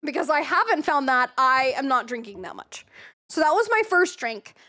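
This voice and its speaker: A young woman streamer telling a story in a casual, animated way, swearing freely and acting out what people said. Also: sits high, moderate pace.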